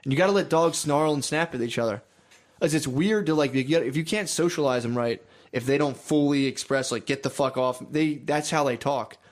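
Young guy ranting about his dog, swears a ton, does little voices, super animated. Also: on the high side, brisk. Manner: animated storytelling, swears a lot, acts out voices. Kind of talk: casual chat.

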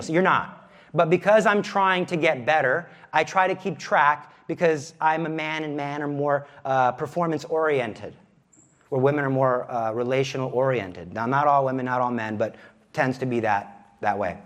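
A man in his thirties, a youth minister teaching a parish class in an animated, self-deprecating, conversational way. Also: a little high, normal speed.

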